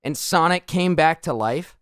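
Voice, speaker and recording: A man's voice: on the high side, a little slow, a bit bright, clear, resonant tone, dry recording, clean studio sound. A man co-hosting a podcast in casual chat, enthusiastic and jokey, swearing casually. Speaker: podcast co-host.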